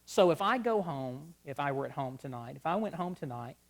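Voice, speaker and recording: A man's voice: a little high, fairly quick. Storytelling man preaching on marriage. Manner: lively storyteller, acts out both sides of dialogues. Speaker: conference speaker on marriage. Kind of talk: humorous church conference talk. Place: church sanctuary before a live audience.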